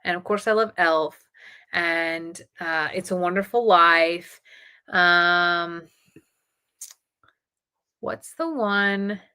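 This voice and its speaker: Bright-voiced chatty woman streaming live. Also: lowish voice, very slow, pauses often, clear, resonant tone. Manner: chatty, excitable, talks to viewers. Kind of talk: casual live stream chat.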